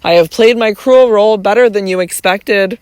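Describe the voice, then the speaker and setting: An audiobook reader voicing an imperious, teasing young noblewoman who speaks calmly and with control. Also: mid-range voice, moderate pace, clean tone, dry recording, natural voice. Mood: playful. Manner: cool and commanding, then playful. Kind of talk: audiobook reading.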